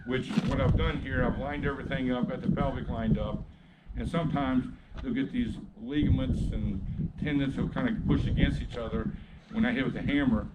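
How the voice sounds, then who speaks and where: A man's voice: mid-range voice, steady tone, a little fast. A man working as a horse chiropractor, explaining his work in a rambling, casual way while soothing the horse between remarks. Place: outdoors with a horse. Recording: noisy outdoor recording.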